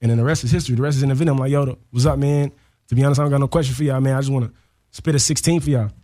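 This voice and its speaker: Man, rapid animated storytelling, slangy interview guest. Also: mid-range voice. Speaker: rapper guest.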